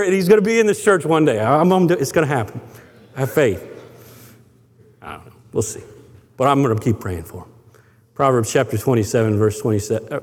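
A man with a high voice preaches to his congregation, telling stories in an easy, conversational way. He often stumbles and restarts his sentences. The sound has the long reverb of a church hall. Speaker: pastor. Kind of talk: sermon.

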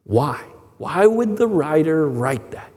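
High-voiced pastor preaching in a hall. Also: male voice, very animated, takes it slowly, a little mellow, breathy edge. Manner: conversational preaching with storytelling and frequent restarts. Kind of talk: sermon.

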